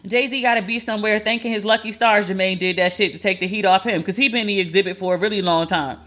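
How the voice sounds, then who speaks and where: A woman hosting a podcast, chatting casually about celebrity gossip in an animated, sassy, profane way. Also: mid-range voice, fast. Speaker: podcast host.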